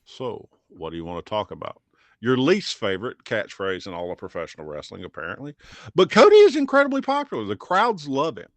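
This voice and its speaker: A man co-hosting a podcast in casual chat. He talks enthusiastically and often drops low and quiet. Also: very animated, fairly quick, no echo. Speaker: podcast co-host.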